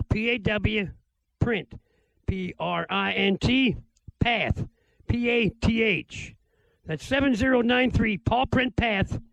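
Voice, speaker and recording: A man hosting a radio music show, talking in a folksy, rambling way and spelling things out slowly for listeners. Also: extremely high pitch, gravelly, dry recording, rough recording. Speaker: radio DJ host. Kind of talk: casual radio patter.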